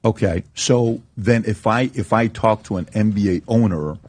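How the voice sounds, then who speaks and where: A man's voice: on the low side, moderate pace, a little mellow, no echo. A man interviewing a former player, persistent and probing.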